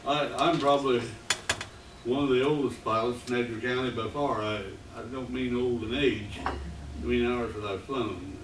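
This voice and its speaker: A man in his eighties, from the United States, giving a rambling, halting public comment at a meeting. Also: medium pitch, steady tone. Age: 80s. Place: meeting room. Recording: echoey room, distant mic, noisy.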